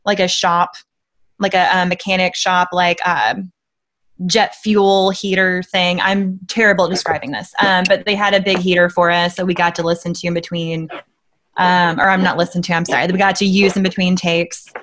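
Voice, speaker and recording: A woman's voice: fairly low pitch, little pitch movement, moderate pace, a bit bright, slight background noise. A woman, an actress, chatting casually in an interview, hesitant with many fillers. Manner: hesitant, many ums and likes. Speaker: actress guest.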